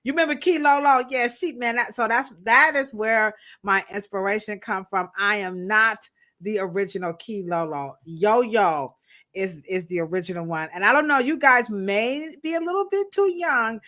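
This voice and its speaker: A woman's voice: medium pitch, moderate pace, bright, forceful tone. A woman co-hosting a live stream, chatting casually and playfully with slang and laughter. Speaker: co-host.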